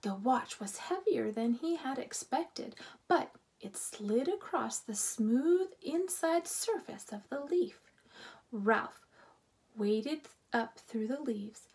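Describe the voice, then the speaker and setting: A woman reading a children's book aloud as narrator, expressive and unhurried. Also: a little high.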